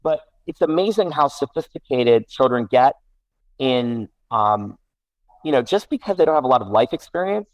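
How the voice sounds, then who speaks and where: A man's voice: mid-range voice, normal speed, dry recording, low-quality recording. A middle-aged man, a guest parent, telling a casual story with many restarts and self-corrections. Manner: rambling, self-correcting, animated.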